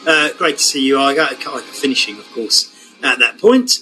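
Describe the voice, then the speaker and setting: A man giving live commentary on an online cycling race, excitable and full of fillers. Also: mid-range voice, moderate pace, faint music behind, poor audio. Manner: excitable, building to shouts at the finish, many fillers.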